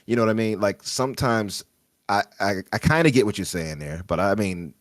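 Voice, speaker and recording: A man's voice: fairly low pitch, animated, a little fast, no room sound, studio quality. A man with a Chicago accent, chatting on a gaming podcast and musing aloud about chat comments, hesitant and thoughtful.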